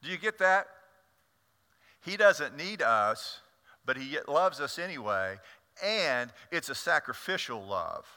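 A man preaching a sermon to his congregation as their pastor, telling stories with an animated delivery and often stumbling over repeated words. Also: on the high side, a little slow. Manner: animated storytelling with frequent stammered repeats. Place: church sanctuary. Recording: long church reverb.

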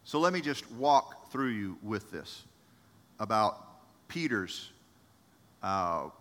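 A man preaching a sermon as pastor, animated, acting out the voices of people in the story. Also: lowish voice, takes it slowly, in a large hall.

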